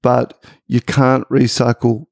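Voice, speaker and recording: A man's voice: medium pitch, flat delivery, slow pace, vocal fry, a little mellow, no echo, studio quality. A middle-aged Australian man co-hosting a podcast, airing his gripes in casual, opinionated chat. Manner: ranting, opinionated. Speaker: podcast co-host.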